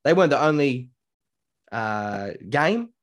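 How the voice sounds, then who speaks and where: An Australian man co-hosts a podcast in a relaxed, chatty way. He tells stories with animation and acts out what other people said. His voice sits in a middle pitch. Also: slow pace. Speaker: podcast co-host. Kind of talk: casual chat.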